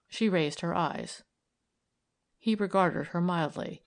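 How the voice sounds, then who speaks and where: Reading from a novel, a female audiobook narrator delivers scripted storytelling in an even, measured way. Her pitch sits fairly low.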